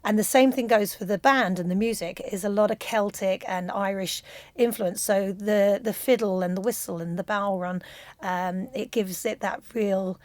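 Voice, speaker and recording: A woman's voice: mid-range voice, normal speed, no room sound. A middle-aged woman from London with a London accent, a choreographer and director chatting enthusiastically as a radio interview guest on a studio mic. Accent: London English.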